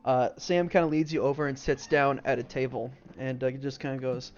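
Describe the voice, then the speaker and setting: A man running a tabletop game as game master, relaxed and hesitant, on a dull lo-fi recording. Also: medium pitch, brisk, hardly any pauses, slight background noise. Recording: dull lo-fi sound.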